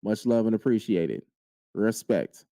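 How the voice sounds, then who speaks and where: A man hosts a podcast in an earnest motivational monologue, speaking directly to his audience. His voice is mellow and relaxed. The recording is dry and close, with no room sound. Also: fairly low pitch, measured pace, no room sound. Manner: earnest, repeats key lines for emphasis. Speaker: podcast host. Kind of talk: motivational monologue addressing listeners.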